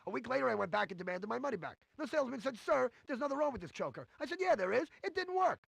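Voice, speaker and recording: Cheesy game stand-up comic: high, bouncy, gravelly, rapid-fire hammy delivery, dry close mic. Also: male voice, sing-song, very noisy, heavily acted. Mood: joke-telling. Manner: brash, hammy joke delivery. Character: cheesy stand-up comedian man, brash and corny. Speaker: game's recorded comedian. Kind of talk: 1990s CD-ROM stand-up comedy routine.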